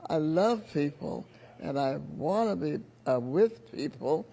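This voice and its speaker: A 110-year-old woman from California, talking slowly and gently about her gratitude in a casual interview. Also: low voice, animated. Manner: slow, gentle and grateful. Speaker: birthday guest interviewee.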